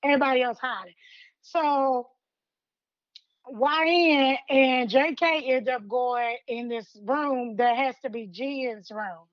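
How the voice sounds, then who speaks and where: A woman podcast co-host casually retelling a fan story, acting out the characters' lines with lively colloquial talk. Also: high voice, slow pace, no room sound, dull audio. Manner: animated storytelling in colloquial Southern US English, acts out lines.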